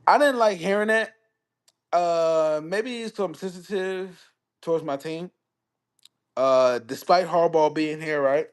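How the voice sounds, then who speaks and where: A man's voice: on the high side, unhurried, smooth. A young man, hosting a live stream. He talks casually about football, swears freely, and rambles through repeated phrases as he reacts to his chat.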